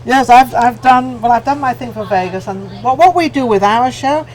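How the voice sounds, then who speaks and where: A woman's voice: fairly high pitch, moderate pace, a little hiss or hum, rough recording. A middle-aged woman from England hosting a talk show, chatty and effusive, with a joking streak. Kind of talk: casual interview chat.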